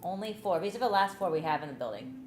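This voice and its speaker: A woman's voice: on the low side, expressive, fast, music in the background. A woman co-hosting a live gem sale stream, reading out stock counts and prices in a practical way. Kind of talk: casual live-stream chat. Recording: echoey room with loud noise.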